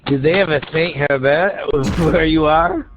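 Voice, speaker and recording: A man's voice: fairly high pitch, measured pace, background noise. A man chatting casually while playing an online racing game, cheerful and jokey.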